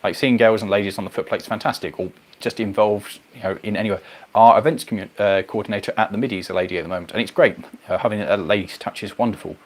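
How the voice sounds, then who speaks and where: A man hosting a casual livestream, chatting to viewers in a rambling, animated way. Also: on the low side, fast. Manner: rambling, animated, goes off on tangents. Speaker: livestream host. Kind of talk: casual chat reading viewer comments.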